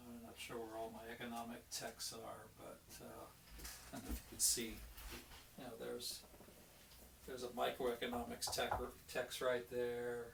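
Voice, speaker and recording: A man's voice: mid-range voice, monotone, moderate pace, gravelly, far from the mic, noisy background. A man who is an economics professor, giving an informal, folksy online lecture with many fillers and restarts. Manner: chatty and folksy, tells jokes with acted quotes.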